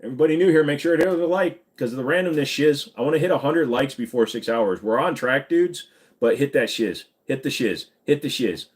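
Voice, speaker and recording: A man's voice: on the high side, brisk. A man hosting a casual live stream, rambling through crude, jokey banter with his chat.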